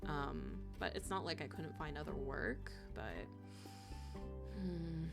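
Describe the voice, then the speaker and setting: A woman's voice: low voice, big pitch swings, slow pace, vocal fry. A young woman streaming a game live, chatting casually and giggly, often saying "like". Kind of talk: casual live-stream chat while gaming. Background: game music.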